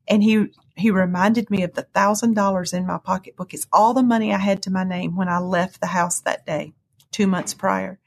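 A woman's voice: steady tone, moderate pace, vocal fry. A woman telling an emotional personal testimony as an interview guest, earnest and storytelling. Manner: earnest storytelling, swings to high cries when reliving moments.

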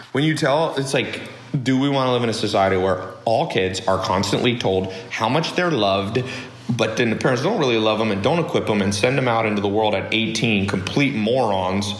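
A man hosting a podcast who talks in a blunt, opinionated, animated monologue style. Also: on the low side, roomy sound. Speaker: podcast host. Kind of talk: casual monologue.

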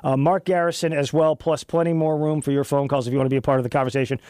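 A man hosting talk radio in a studio, his voice fairly high for a man and captured very dry. He talks in an animated, rambling way, restarting sentences and laughing at his own asides. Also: rapid-fire, dry recording. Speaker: radio talk show host. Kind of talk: casual talk radio chat. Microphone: studio microphone.

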